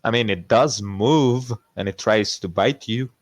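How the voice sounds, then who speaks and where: A man's voice: on the low side, unhurried, no room sound. A man playing in an online tabletop game, chatting playfully and laughing often. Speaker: player. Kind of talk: casual role-play chat.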